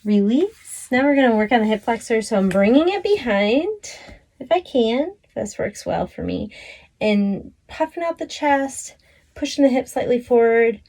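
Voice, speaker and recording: A woman instructor gently guiding a stretching class, talking close to the camera from a small closet. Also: on the high side, normal speed. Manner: calm, encouraging cues with fillers. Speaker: fitness instructor.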